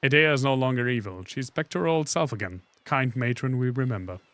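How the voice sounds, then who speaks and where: A male streamer talking casually over his gameplay, full of sarcastic jokes, laughter and the odd swear. His voice is bright and sharp, at a middling pitch. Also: brisk, no room sound. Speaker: streamer playing a game.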